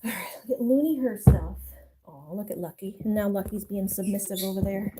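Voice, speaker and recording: A woman's voice: mid-range voice, brisk, mellow, slight background noise, poor audio. A young woman streaming live, chatting casually and cooing to her pets. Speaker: livestreamer.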